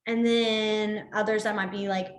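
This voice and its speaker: A woman's voice: mid-range voice, little pitch movement, unhurried, roomy sound. A young woman teaching a sign language class online, chatty, apologetic and easily sidetracked, laughing often.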